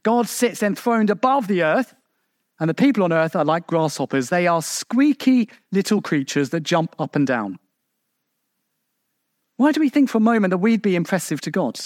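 A man preaching a sermon, emphatic and full of rhetorical questions to his congregation, with sharp swings in pitch for emphasis. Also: very animated, moderate pace, no echo, clean studio sound.

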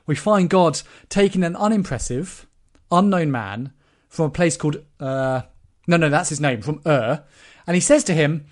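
Man preaching, fairly high voice. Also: normal speed. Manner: rhetorical questions, reads scripture aloud. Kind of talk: sermon.

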